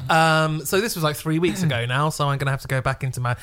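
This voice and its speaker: Measured man chatting on a podcast. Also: on the high side, fairly bright tone, clean tone. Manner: thoughtful, measured, rambling opinions. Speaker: podcast co-host. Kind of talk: casual chat.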